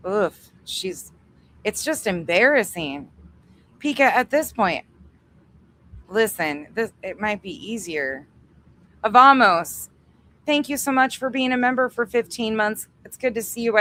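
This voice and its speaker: A woman's voice: medium pitch, animated, a bit bright, a little hiss or hum. A woman hosting a livestream, chatting casually, swearing freely and laughing easily as she thanks her members. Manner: chatty, profane, quick to laugh. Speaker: livestream host.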